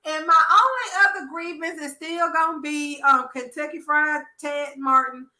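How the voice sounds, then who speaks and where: A woman with a Southern American accent, hosting a casual soap opera chat and acting out characters' lines in a profane, animated way. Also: high voice, normal speed, reverberant, poor audio. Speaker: podcast host.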